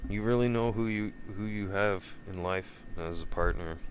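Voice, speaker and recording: A man telling a personal story in a casual vlog, animated and profane, often repeating himself. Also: lowish voice, normal speed, a little hiss or hum. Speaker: vlogger.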